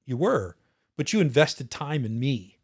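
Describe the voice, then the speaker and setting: A man in his fifties speaks as a guest in a relaxed conversation. He looks back earnestly and thoughtfully, stopping and restarting his phrases as he goes. His voice sits at an ordinary middle pitch for a man. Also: unhurried, slightly rough. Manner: earnest, reflective, frequent restarts. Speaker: podcast guest, retired officer. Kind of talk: casual interview storytelling.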